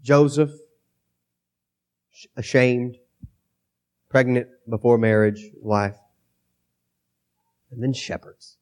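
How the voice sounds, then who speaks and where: A man's voice: medium pitch, slow pace, long pauses, darkish tone. Man preaching with a cold. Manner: conversational, reads scripture aloud then comments. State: has a cold, coughing. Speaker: pastor. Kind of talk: sermon. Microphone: microphone.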